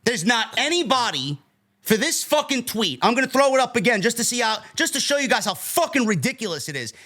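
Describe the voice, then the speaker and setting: Man, New York accent, very high voice, lively swings, angry profane podcast rant. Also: a little fast. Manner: angry, profane, rising to shouts. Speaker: podcast host.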